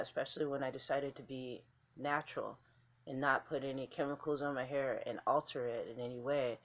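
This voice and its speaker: A woman's voice: very deep voice, muffled recording. A woman vlogger talking casually to camera in a blunt, candid way, swearing freely.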